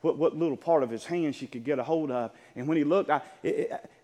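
An older man, a pastor, preaches to his congregation in a church sanctuary, his mellow, somewhat high voice moving a little fast. He tells the sermon in an earnest storytelling way and keeps restarting his words. The recording carries a long hall reverb.

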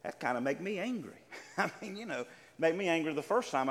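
A man's voice: a little high, moderate pace, pauses often. A man preaching a sermon in a church, acting out voices as he goes. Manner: animated preaching, acts out voices. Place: church sanctuary. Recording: long reverb of a large hall.

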